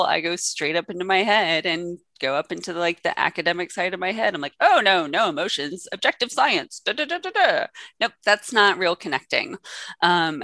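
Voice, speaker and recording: A woman's voice: fairly low pitch, bright, forceful tone, no room sound. A woman co-hosting a discussion, speaking thoughtfully with frequent ums and restarts. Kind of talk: reflective conversational discussion.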